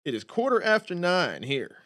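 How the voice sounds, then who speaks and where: A man's voice: sits high, huge pitch swings, normal speed, fairly bright tone. A man livestreaming, chatting casually and thinking aloud as he works.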